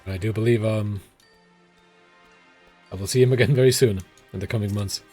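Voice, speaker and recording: A man's voice: fairly low pitch, steady tone, a little fast, warm tone, faint music behind. A man casually commenting while streaming a game, wry and profane, muttering asides.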